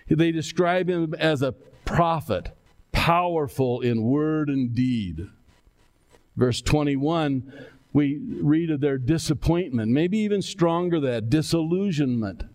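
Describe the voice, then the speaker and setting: An older male pastor delivers a sermon at an unhurried pace. His voice sits a touch high for a man and carries a gravelly edge. He reflects aloud and voices imagined speech from scripture. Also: expressive, darkish tone.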